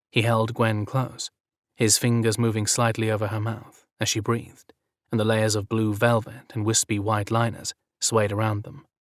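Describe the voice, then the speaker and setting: A man reading romance audiobook narration in a measured, even manner. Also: fairly low pitch, dry recording, clean studio sound.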